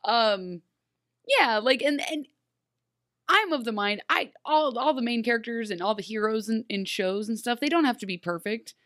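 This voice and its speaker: A woman co-hosting a casual recap chat, animated and laughing as she acts out characters' lines. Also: fairly high pitch, moderate pace, no room sound, clean studio sound. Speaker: podcast co-host.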